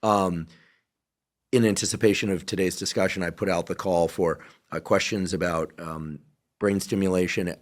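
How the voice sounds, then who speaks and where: A man's voice: sits low, steady tone, moderate pace. A man hosting a science podcast, asking curious, probing questions of his guest. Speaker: podcast host. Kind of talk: interview questions.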